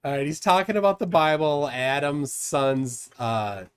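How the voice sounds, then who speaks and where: A man's voice: a little high, animated, a little slow, clean tone. A man hosting a casual livestream chat, teasing his guests and laughing often. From United States. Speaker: livestream host.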